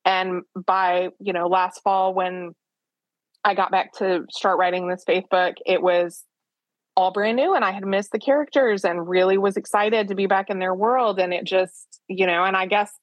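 A woman author being interviewed, speaking frankly and self-deprecatingly with quick asides. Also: medium pitch, fairly even intonation, dry recording, dull audio. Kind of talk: candid conversational storytelling.

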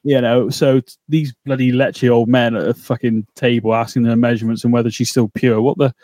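A man co-hosting a podcast, chatting casually and excitably, swearing and laughing as he goes. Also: mid-range voice, brisk, no echo. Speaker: podcast co-host. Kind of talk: casual recap chat.

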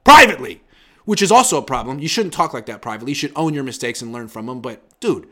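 Young male sports writer guest, animated and bright-toned, acts out quotes in casual chat. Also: mid-range voice, fast. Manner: animated, acts out quoted players with big loud jumps.

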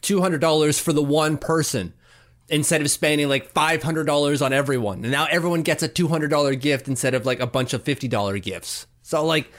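A man co-hosting a podcast, chatting casually and acting out stories with lively voices. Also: fairly high pitch, brisk. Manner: animated storyteller, acts out voices. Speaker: podcast co-host. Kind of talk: casual chat. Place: lives in Canada.

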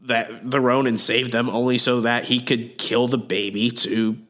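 A man's voice: medium pitch, little pitch movement, measured pace, a bit bright. A man hosting a podcast, casually recapping a comic book story with slang, cursing and many fillers. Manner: casual, profane, lots of fillers. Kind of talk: casual chat.

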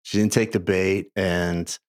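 A middle-aged man, a guest in a casual interview, telling animated stories in which his voice jumps high when he gets excited. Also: slow, clean tone. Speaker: podcast guest, author and coach.

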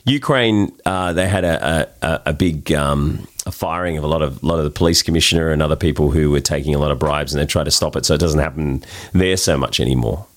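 A man with an Australian accent, a guest telling travel stories in a casual, animated way with many restarts. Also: extremely low pitch, a little fast, hardly any pauses. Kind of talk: casual interview storytelling.

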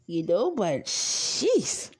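Blunt, lively woman podcaster, husky voice. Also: fairly low pitch. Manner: blunt, outspoken, swears freely; rambling, talks straight to listeners. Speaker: podcast host. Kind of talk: casual podcast monologue.

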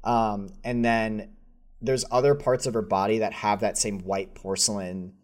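Lower-voiced man narrating a tabletop game. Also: steady tone, measured pace. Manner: casual, rambling, many fillers. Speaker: game master.

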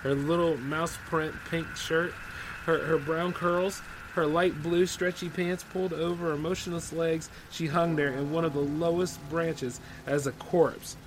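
A man's voice: fairly high pitch, steady tone, measured pace, background noise. A man hosting a podcast, reading a horror story aloud and breaking off for loose, chatty asides. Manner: loose, conversational asides full of 'like' and 'man'. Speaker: podcast host. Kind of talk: reading horror stories aloud with casual commentary.

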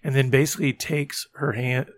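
A man's voice: medium pitch, steady tone, normal speed, no room sound. A man co-hosting a faith podcast, reflectively retelling a scene in a casual conversation. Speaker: podcast co-host.

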